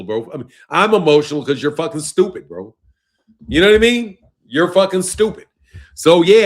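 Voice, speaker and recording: Young man, boxing stream host, exasperated, profane, laughing, fairly high voice. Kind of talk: live stream chat reacting to viewers.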